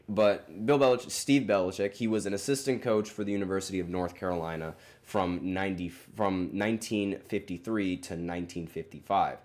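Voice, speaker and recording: A man hosting a sports podcast, talking casually and rambling, with many fillers and self-corrections. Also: deep voice. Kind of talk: casual solo sports commentary.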